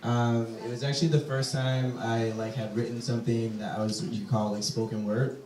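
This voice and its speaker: A man, a poet, answering audience questions at a live reading. He talks hesitantly and softly, with many fillers. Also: mid-range voice, little pitch movement, fairly quick. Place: echoey event space. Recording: echoey room, distant mic.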